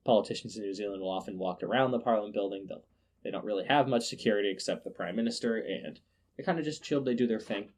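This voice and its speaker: A man hosting a casual news podcast, sarcastic and quick to laugh, often restarting his words. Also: on the low side, darkish tone. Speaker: podcast host.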